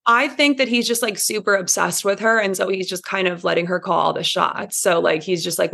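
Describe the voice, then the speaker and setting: A woman's voice: fairly low pitch, fairly quick, creaky, few pauses, fairly bright tone. A woman co-hosting a podcast, chatting in a rambling way with lots of fillers. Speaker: podcast co-host. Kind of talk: casual chat.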